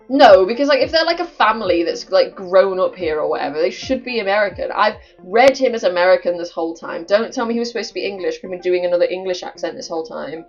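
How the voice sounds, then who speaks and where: A woman's voice: mid-range voice, fast, few pauses, lo-fi sound, soft background music. A young woman who chats animatedly while reading aloud from a story game and commenting on it. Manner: chatty and animated, with lots of filler "like". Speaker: game playthrough host.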